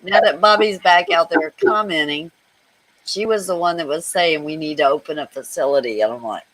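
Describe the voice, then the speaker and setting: A woman's voice: low voice, moderate pace, fairly bright tone, poor audio. A woman talking bluntly as a guest in a casual livestream chat.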